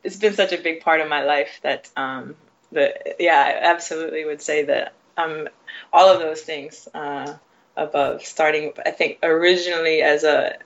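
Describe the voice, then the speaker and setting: A woman's voice: low-pitched, fairly even intonation, moderate pace, muffled recording. An American woman from Tennessee, a guest on a remote podcast interview, who talks thoughtfully with many fillers and restarts. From Nashville, Tennessee, US. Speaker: guest, educator.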